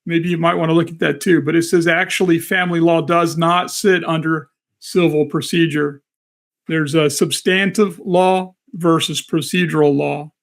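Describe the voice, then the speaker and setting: A man's voice: a little high, little pitch movement, normal speed, gravelly. A man in casual conversation over a video call, hesitantly reading out what he looked up.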